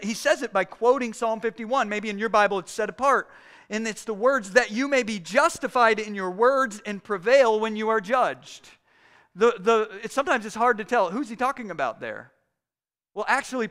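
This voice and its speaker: A man's voice: high voice, fairly bright tone. A man preaching an earnest, conversational sermon, often restarting his phrases as he explains a scripture passage. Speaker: pastor.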